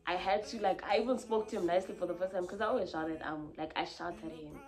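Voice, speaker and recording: A woman's voice: fairly low pitch, fast talker, crowd noise. A young woman, venting candidly to camera in a confessional vlog, rambling and heartfelt with many fillers and restarts. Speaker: vlogger.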